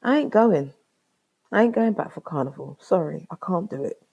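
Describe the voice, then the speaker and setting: A young woman with a London accent talks straight into her podcast in a low, slightly husky voice. Her pitch leaps up and drops away as she tells the story. She uses slang and exclaims, and she acts out each person in the conversation. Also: normal speed, lo-fi sound. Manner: animated, slangy, exclaiming and acting out both sides of a chat. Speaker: podcast host. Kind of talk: casual storytelling monologue.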